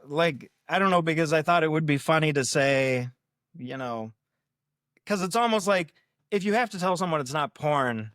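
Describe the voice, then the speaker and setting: A prank video creator guests on a podcast, telling a story casually in a rambling, self-deprecating way and acting out what he and others said. His voice is on the high side and a bit bright, with lively intonation at normal speed, in clean studio sound with no room sound.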